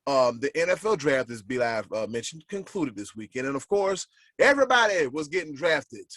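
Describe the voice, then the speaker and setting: Lively joking man on a sports podcast. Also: a little high, unhurried, no room sound. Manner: animated, joking storyteller. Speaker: podcast co-host. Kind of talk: casual sports banter.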